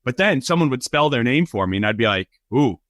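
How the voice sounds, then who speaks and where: A man hosting a sports podcast in casual chat, chatty and quick with asides and laughs. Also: mid-range voice, animated, a bit bright, no echo, clean studio sound. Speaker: podcast host.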